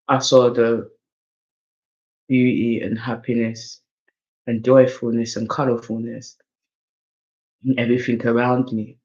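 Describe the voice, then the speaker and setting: A man speaks in a darkish mid-range voice, his English accent loaded with London slang. Casually reading oracle cards tarot-style, he swings between hyped-up moments and mumbling, recorded with a slightly dull lo-fi quality.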